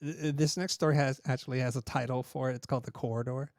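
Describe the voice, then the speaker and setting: A man's voice: medium pitch, steady tone, fast talker, darkish tone, no room sound. Middle-aged man telling stories, dry sound. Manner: reflective, anecdotal, retells dialogue. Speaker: guest. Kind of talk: interview storytelling.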